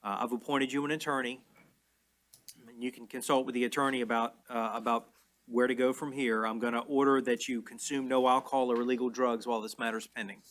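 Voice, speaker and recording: A man presiding as judge in a courtroom, explaining orders in a measured, plain way. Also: medium pitch, flat delivery, a bit bright. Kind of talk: courtroom proceedings.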